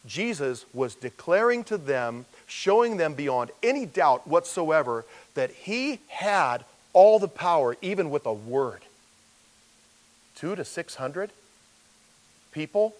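Male pastor, verse-by-verse sermon, conversational delivery, fairly high voice. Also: sing-song, takes it slowly, low-quality recording. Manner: conversational, acts out quoted voices.

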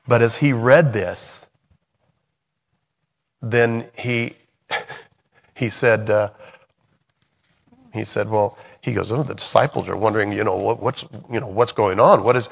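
This middle-aged Bible study teacher and songwriter has a lowish, gravelly, husky voice with a big-room sound. He leads the study earnestly and conversationally, then reads scripture aloud, restarting and correcting himself often.

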